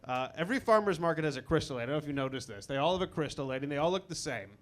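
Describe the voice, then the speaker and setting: A man's voice: on the high side, animated, a bit bright. Wry man doing stand-up on a club stage. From Chicago. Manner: conversational, wry, self-deprecating storytelling with quick asides. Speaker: stand-up comedian. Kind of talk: stand-up comedy set. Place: comedy club stage with a live audience.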